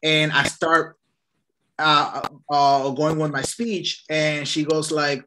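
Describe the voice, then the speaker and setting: A man leading a casual online real estate training, telling lively stories in an upbeat way over a video call. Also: on the high side, slow.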